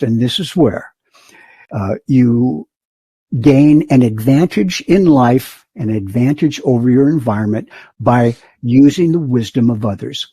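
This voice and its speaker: An older flight instructor, guesting on a podcast, tells stories in a husky, mid-range voice at a measured pace, recorded with no room sound. He's an animated storyteller who does the voices of the people he describes.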